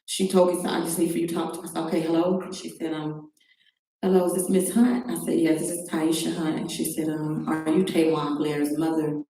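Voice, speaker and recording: Middle-aged woman guest, low dark voice, re-enacts the calls in her own story, recorded from afar in a reverberant room. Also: little pitch movement, fairly quick. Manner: recounts events by acting out quoted phone calls. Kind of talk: personal testimony on a talk show. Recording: very echoey room, distant mic, faint noise.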